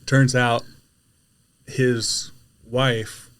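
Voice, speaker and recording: A man in casual podcast chat, telling a story with lots of energy and shouting out quoted lines. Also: medium pitch, level tone, drawn-out words, smooth. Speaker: podcast guest, delivery driver.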